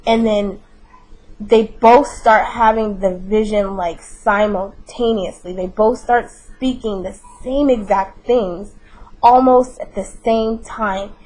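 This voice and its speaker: A woman's voice: mid-range voice, steady tone, takes it slowly, darkish tone, poor audio. A woman in her thirties, a mother telling a long story in a casual, rambling way, with many fillers, restarts and repeated phrases. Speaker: mother recounting her daughter's vision.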